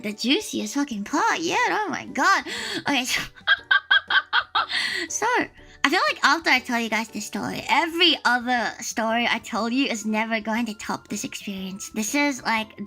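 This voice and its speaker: A young woman telling a story casually on a livestream. She is animated and exclamatory, with lots of filler words. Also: on the high side. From Australia. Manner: animated, exclamatory, many fillers and bursts of laughter. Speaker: livestream host.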